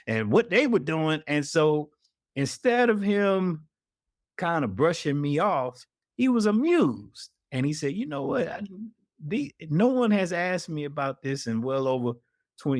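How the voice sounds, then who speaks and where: Animated storyteller man, dry sound. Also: medium pitch, no echo. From Atlanta, US South. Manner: animated storyteller acting out the people he quotes. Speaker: investigative reporter, guest. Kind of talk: storytelling in an interview.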